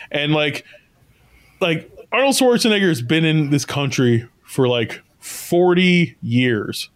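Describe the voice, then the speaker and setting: A man co-hosting a casual podcast chat, rambling, swearing and laughing often. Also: fairly high pitch. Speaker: podcast co-host.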